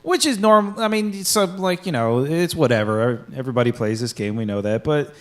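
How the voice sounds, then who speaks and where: A man's voice: medium pitch, animated, fairly quick. A young man in his twenties co-hosting a podcast, rambling through gaming stories with casual swearing and acted-out quotes. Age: 20s. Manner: rambling storyteller, swears freely, acts out quoted people. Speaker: podcast co-host. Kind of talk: casual chat.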